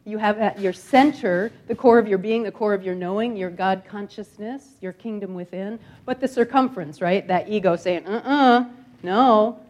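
A woman spiritual teacher giving a sermon that mixes stories with slow, repeated emphatic lines, moving between soft and loud. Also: mid-range voice. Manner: expressive, swings from soft to loud. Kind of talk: sermon with storytelling.

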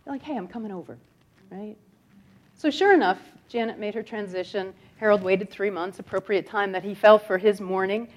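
A woman spiritual teacher giving a sermon that mixes stories with slow, repeated emphatic lines, moving between soft and loud. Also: medium pitch. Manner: expressive, swings from soft to loud. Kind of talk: sermon with storytelling.

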